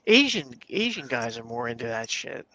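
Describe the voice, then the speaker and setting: A man's voice: medium pitch, big pitch swings, moderate pace, bright, forceful tone, dry recording. A man co-hosting a podcast, telling crude stories in casual chat and laughing through them. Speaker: podcast co-host.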